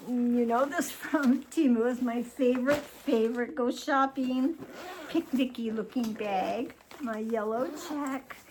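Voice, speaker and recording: An older woman cheerfully rambles to her viewers while showing off a grocery haul in a casual, chatty vlog. Her voice is slightly high, and there's background noise.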